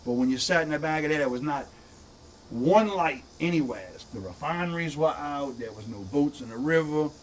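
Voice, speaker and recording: This middle-aged content creator from St. Bernard Parish, Louisiana, is a guest spinning a lengthy, loose tale full of repeated words and frequent "dude"s. He speaks on the high side with an expressive tone at a moderate pace, sounding far from the mic amid slight background noise.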